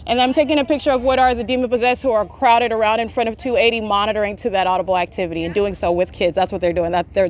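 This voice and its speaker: A woman podcaster records her own live commentary while sitting in the shade beside a street, documenting events in real time. Her fairly high voice is rapid and insistent, full of filler sounds, with passing traffic and plane engines in the background.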